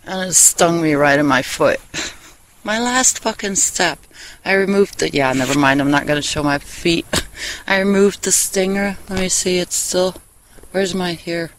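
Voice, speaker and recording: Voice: medium pitch, measured pace, fairly bright tone, poor audio. A vlogger in a casual, rambling personal chat who talks candidly, swears freely and laughs often, recorded outdoors on a handheld phone. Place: outdoors in a meadow, sitting on a wooden bench.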